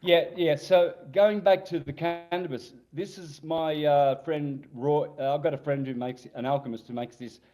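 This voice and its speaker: A man in his sixties, a podcast guest telling rambling, animated anecdotes. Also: on the high side, moderate pace, hardly any pauses. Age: 60s. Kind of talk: casual storytelling interview.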